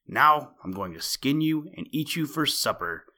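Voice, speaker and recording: A man voicing a grumpy, hungry old male owl in a storybook, muttering gruff threats. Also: mid-range voice, animated, moderate pace, pushed and bright, voice pushed up. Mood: menacing.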